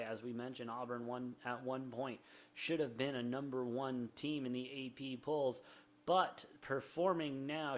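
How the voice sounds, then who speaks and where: A young man hosts a live sports betting stream, calling plays quickly and bantering between them. His voice sits at an ordinary middle pitch, energetic and chatty. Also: a little hiss or hum. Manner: rapid, energetic play-by-play with self-deprecating banter. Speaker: sports betting show host. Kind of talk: live sports commentary and chat.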